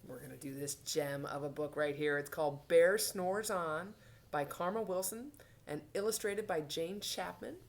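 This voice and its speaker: A woman's voice: sits low, moderate pace. A woman leading a toddler story time, talking playfully, singing bouncy verses and dropping into whispers. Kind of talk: children's sing-along and storytime.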